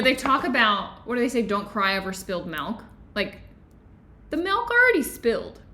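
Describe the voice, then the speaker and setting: A woman hosting a book club discussion, talking casually and telling stories in an animated, chatty way with lots of "like"s. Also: a little high. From Florida, USA. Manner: chatty, animated storytelling with many "like"s.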